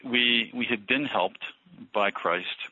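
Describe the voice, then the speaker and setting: A man talking through ministry ideas in an interview, thoughtful and halting with many restarts. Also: mid-range voice, bright, forceful tone, dry recording. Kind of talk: conversational interview about ministry. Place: Philadelphia. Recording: dull lo-fi radio audio.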